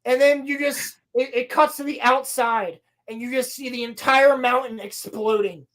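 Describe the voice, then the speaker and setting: At normal speed, a podcast co-host with a high-pitched, steady voice gives a casual, sarcastic rundown of a show. She swears often and plays out scenes using different voices.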